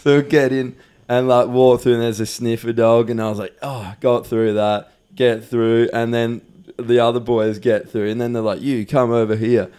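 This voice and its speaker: Man, podcast guest, resonant, animated profane storyteller. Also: mid-range voice, moderate pace, clear, resonant tone. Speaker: band member guest. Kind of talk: casual beer podcast chat.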